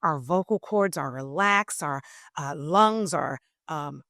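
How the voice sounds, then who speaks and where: A woman voice coach explaining in an interview, teacherly and emphatic, swinging between loud and soft phrasing. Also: low-pitched, expressive, slow pace, no room sound, studio quality.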